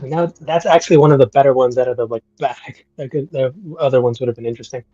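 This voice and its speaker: A man casually playing a tabletop game in a relaxed, joking manner. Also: medium pitch, fast, no echo, lo-fi sound, faint music behind. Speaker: player.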